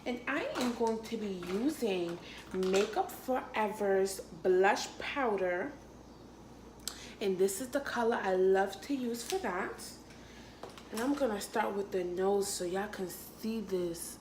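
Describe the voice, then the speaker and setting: Sassy woman vlogger, unhurried, echoey room. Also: medium pitch, noisy background. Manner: sassy, playful, laughs often, calls viewers honey and sis. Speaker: makeup artist and beauty vlogger. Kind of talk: casual makeup tutorial.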